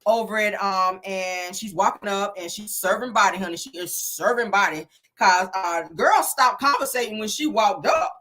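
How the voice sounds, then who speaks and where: A woman's voice: mid-range voice, moderate pace, hardly any pauses, sharp tone. A woman casually recapping a reality show, sassy and gossipy, sprinkling in "honey" and "child.".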